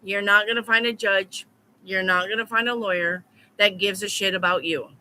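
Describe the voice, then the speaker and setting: Blunt, bright-voiced woman tarot reader. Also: mid-range voice, steady tone, moderate pace, a little hiss or hum. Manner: blunt, repetitive, profane. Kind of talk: live-stream chat with viewers.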